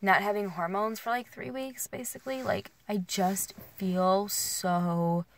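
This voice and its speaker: A woman's voice: mid-range voice, unhurried. A young woman vlogging while driving, rambling through emotional restarts and filler words, sounding worn and alone. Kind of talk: casual venting while driving. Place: in a car.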